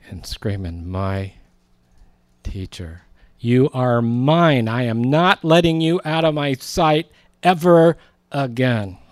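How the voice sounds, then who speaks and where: A man's voice: on the low side, a little mellow, dry recording. A man preaching a sermon in a conversational, storytelling way, acting out quoted lines.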